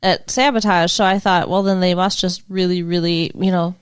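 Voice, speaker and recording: A woman co-hosting a podcast, chatty and thinking out loud in a casual movie review chat, swearing now and then. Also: lowish voice, steady tone, normal speed, clear, resonant tone, no room sound, studio quality. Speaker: podcast co-host.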